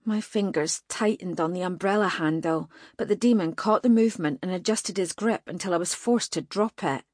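A woman narrating a first-person fantasy audiobook in a tense, even manner. Her voice sits slightly low for a woman, and the recording is dry and close with no room sound. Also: dry recording.

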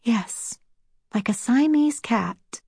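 A woman voicing a gentle, soft-spoken older sister who murmurs quietly in a storybook reading. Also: on the high side, lively intonation, unhurried, no echo, clean studio sound, voice pushed up. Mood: soft storytelling.

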